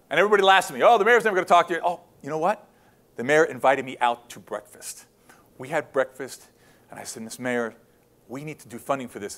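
An animated, quick-talking man tells wildlife stories to a crowd. His voice sits high for a man, and he acts out each quote, then dips into hushed asides. It is a lively presentation in a hall. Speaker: wildlife photographer giving a talk.

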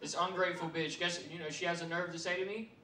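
A man doing stand-up, telling a profane story with loud bursts and laughs. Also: sits high, steady tone, fast talker, slight background noise. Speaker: comedian. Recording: roomy stage sound from far mic, audience.

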